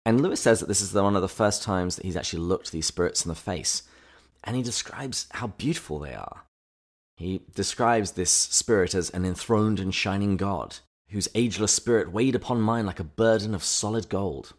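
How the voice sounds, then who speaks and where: A man co-hosting a casual podcast, summarizing chapters and reflecting on them in a relaxed, thoughtful way. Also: on the low side, normal speed. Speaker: podcast co-host. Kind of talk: casual book-discussion podcast.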